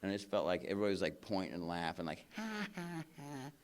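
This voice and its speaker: Male convention speaker with a lower-pitched voice; loose, earnest storytelling, heavy on "man" and "you know". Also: fairly even intonation, rapid-fire. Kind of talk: personal recovery share. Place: convention stage before a live audience.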